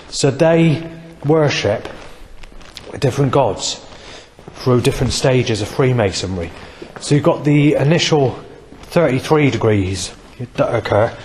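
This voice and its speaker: A man's voice: mid-range voice, darkish tone. A man talks at length in a meandering monologue, swearing freely and tripping over fillers and half-finished words. His mid-range voice rings with a long reverb, and a faint hiss sits underneath. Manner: rambling, heavily profane, many fillers and restarts. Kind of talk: rambling monologue.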